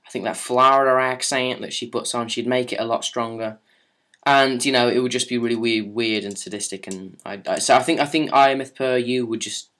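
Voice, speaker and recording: A young man rambles through a story and a viewer Q&A at a middle pitch. His delivery is casual and sarcastic, full of swearing and restarts. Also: fairly bright tone. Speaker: vlogger.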